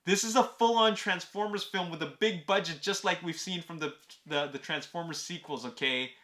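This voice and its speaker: A man's voice: on the high side, normal speed, pushed and bright. A man hosting a movie news vlog, talking eagerly and emphatically straight to his viewers. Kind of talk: casual fan commentary to camera.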